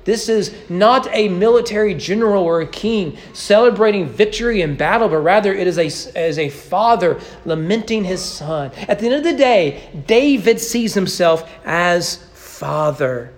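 Animated male preacher with a lively voice. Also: sits high. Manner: expressive preaching, slowing and stressing key words. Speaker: pastor. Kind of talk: sermon. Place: church sanctuary.

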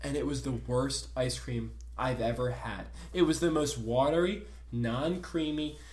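A man with a South Jersey accent, co-hosting a podcast in casual chat, telling a story in a loud, ranting, swearing way. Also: mid-range voice, unhurried, echoey room. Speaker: podcast co-host.

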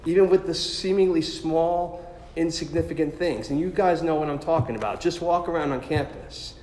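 A man telling a personal story as a sermon, in an animated, self-deprecating way. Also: fairly high pitch, moderate pace, a little hiss or hum. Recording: echoey hall with long reverb.

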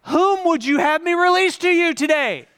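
A man playing an imperious male Roman governor who loudly calls out questions to a mob. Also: very high-pitched, animated, normal speed, slight background noise, pitched above the performer's own voice, exaggerated voice. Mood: demanding. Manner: raised, loud, demanding questions. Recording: long reverb in a large hall.

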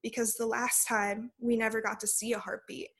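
A woman's voice: on the high side, flat delivery, moderate pace, a bit bright, husky. A young adult woman, a podcast guest, telling a personal story in a casual way with lots of "like" fillers.

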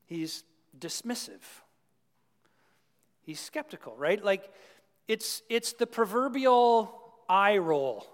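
Chatty high-voiced preacher in a big hall. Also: male voice, lively intonation, slow pace, long pauses. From Canada. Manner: conversational, folksy, asks the crowd questions. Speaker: pastor. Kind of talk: sermon. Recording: long reverb of a large hall.

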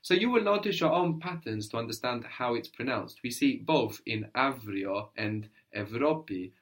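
A man's voice: mid-range voice, lively intonation, normal speed. A man teaching a one-on-one language lesson, explaining patiently step by step and prompting his student to answer.

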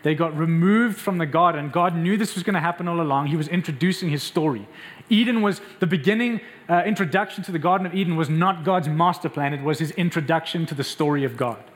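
A man preaching a sermon as a pastor, asking the congregation questions and acting out the lines he quotes. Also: quick pace. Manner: acts out quoted voices with raised pitch, asks the crowd questions.

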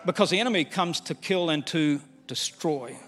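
An older man preaching a sermon as pastor, candid and animated, with humor and acted-out quotes. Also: fairly high pitch, moderate pace. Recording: long hall reverb.

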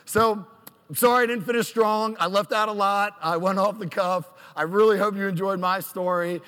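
On stage before a live audience, a thirty-something storyteller recounts a self-deprecating tale, voicing quotes with lively animation. His voice is high and sharp yet steady, delivered at a moderate pace that echoes around a reverberant hall.

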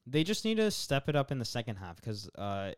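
A man's voice: mid-range voice, big pitch swings, brisk, smooth, no room sound, clean studio sound. A man co-hosting a casual football podcast, rambling with lots of fillers and restarts. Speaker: podcast co-host.

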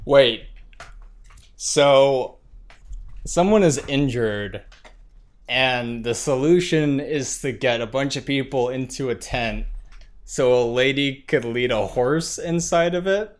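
A man's voice: medium pitch, slow. A man co-hosting a podcast, teasing his partner with dry, skeptical questions and jokes. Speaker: podcast co-host. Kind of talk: comedic banter.

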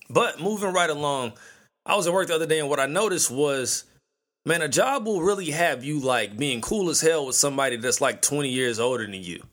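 Man in his thirties, podcast host, profane casual rant, fairly high voice. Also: normal speed. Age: 30s. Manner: animated storytelling, profane, slangy. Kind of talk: casual ranting monologue.

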